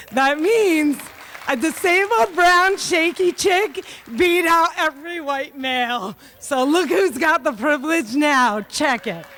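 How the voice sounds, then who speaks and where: A woman giving a comedic keynote speech, joking and self-mocking with quick punchlines. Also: high voice, a bit bright. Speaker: keynote speaker.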